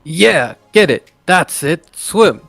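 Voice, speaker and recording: A man's voice: mid-range voice, a little slow, no room sound, faint music behind, lightly acted. A man voicing an easygoing young male surfer who is upbeat and encouraging, in a video game. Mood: cheering.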